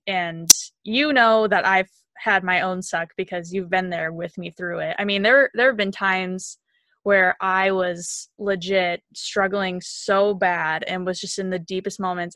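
A woman's voice: lowish voice, a bit bright, dry recording. Effusive young woman podcast host. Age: 20s. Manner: effusive, enthusiastic, gushing with praise. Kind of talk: casual podcast chat.

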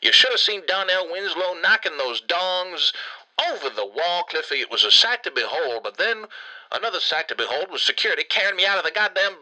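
A man's voice: sits high, animated, fairly quick, sharp tone, exaggerated voice, poor audio. A man voicing a crude, bitter uncle who was fired as a baseball announcer, ranting profanely in a comedic monologue. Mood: boastful ranting. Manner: profane, ranting, repetitive, keeps naming the listener. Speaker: comedic character rant.

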